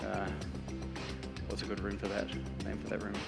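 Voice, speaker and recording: A man with a New Zealand accent giving a conference presentation, explaining ideas in a steady, practical way. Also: lowish voice, normal speed, gravelly, loud music behind the voice. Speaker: conference speaker. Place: large conference hall. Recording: echoey conference hall.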